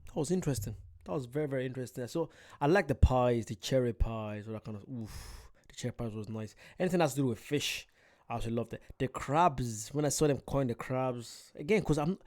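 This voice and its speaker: A young man with an English accent talks casually to his viewers, joking and playful. His voice is mellow and warm, at a middle pitch. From England. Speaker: reaction video host. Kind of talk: casual chat.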